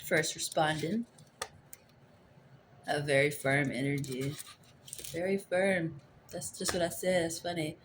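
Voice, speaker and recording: Unhurried and pausing often, this tarot reader speaks in a mid-range, fairly bright voice with fairly even intonation. The adult rambles through a laid-back spiritual reading for a phone camera, repeating pet phrases, over a little hiss or hum.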